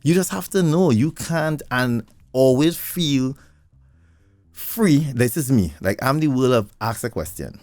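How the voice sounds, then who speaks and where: A man co-hosting a casual talk show, animated and laughing often as he makes his points. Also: medium pitch, a little slow, no echo. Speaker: podcast co-host. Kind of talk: casual conversation.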